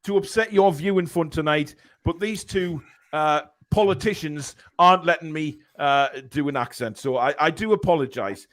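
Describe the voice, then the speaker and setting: A man's voice: a little high, moderate pace, hardly any pauses, a bit bright. A man hosting a casual football podcast, reading out live chat comments with lots of ums and uhs.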